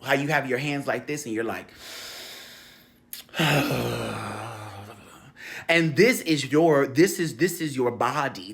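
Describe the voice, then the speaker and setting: Profane, animated spiritual coach. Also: medium pitch. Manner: profane, animated and laughing, slangy street talk; tells stories acting out quoted voices. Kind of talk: casual spiritual coaching talk.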